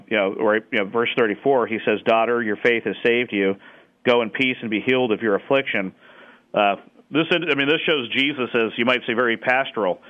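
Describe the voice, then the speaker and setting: A man's voice: mid-range voice, phone-quality sound. Thoughtful man explaining with many fillers. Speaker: Bible scholar guest. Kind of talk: conversational explanation.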